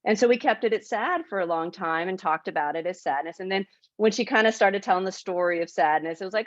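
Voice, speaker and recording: A woman's voice: lowish voice, quick pace, dry recording, muffled recording. A woman hosting a podcast, who responds with enthusiasm and explains her ideas in an affirming way. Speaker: podcast host. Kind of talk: conversational podcast interview.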